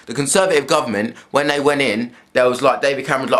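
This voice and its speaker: A man's voice: mid-range voice, fast talker, hardly any pauses, fairly bright tone. A man from England, ranting to camera in his room at home, swearing freely and repeating himself as he goes. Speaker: vlogger. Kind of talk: casual rant to camera.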